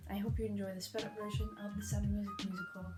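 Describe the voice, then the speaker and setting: Hyper fast-talking woman vlogger. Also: mid-range voice, little pitch movement. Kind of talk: hyper comedic retelling. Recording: echoey room with faint music.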